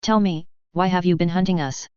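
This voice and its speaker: A woman voicing a cultured, scheming teenage male wizard ghost who is smooth and coldly threatening. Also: fairly low pitch, steady tone, a little fast, a little mellow, dry recording, close to an everyday voice. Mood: cold menace. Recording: dull lo-fi recording.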